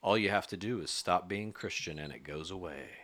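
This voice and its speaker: A man hosting a comedy call-in bit with deadpan, mock-earnest patter. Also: sits low, brisk. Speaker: podcast host.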